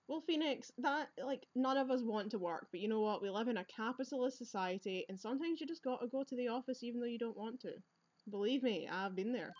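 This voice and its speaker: A woman's voice: on the high side, animated, a little fast, a little mellow, muffled recording, soft background music. A young woman giving chatty, rambling commentary while playing a video game, laughing often, recorded on earbuds. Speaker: let's play gamer. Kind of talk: casual gameplay commentary.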